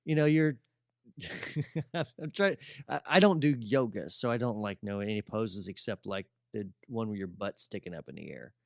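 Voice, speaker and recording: A man's voice: fairly low pitch, expressive, normal speed, gravelly, a little mellow, no room sound, studio quality. Laughing Indiana man with a drawl. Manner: laughs often, jokey. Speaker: podcast co-host. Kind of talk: casual chat.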